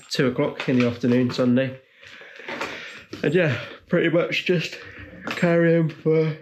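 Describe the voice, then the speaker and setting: A man in his twenties or so, chatting casually to his camera at a mid-range pitch. He coos gentle praise in a sing-song way, then drifts into loose, hesitant explaining with plenty of ums. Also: slight background noise. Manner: coaxing, sing-song puppy talk mixed with rambling explanation full of ums. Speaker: vlogger and new puppy owner. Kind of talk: casual vlog chat.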